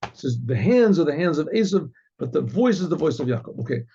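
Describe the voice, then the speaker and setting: A man with a fairly high, husky and mellow voice teaches a Torah lesson. He explains earnestly, step by step, and repeats words as he thinks. The recording is dull and lo-fi. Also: big pitch swings, fast talker. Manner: acts out the story, dropping to a murmur for asides. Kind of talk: Torah lesson with Hebrew and Aramaic terms.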